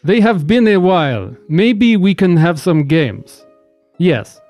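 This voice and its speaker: A man voicing a stern, halting Duergar guard. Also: high-pitched, very animated, a little mellow, soft background music, heavily acted. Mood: curious. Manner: slow, halting, formal speech.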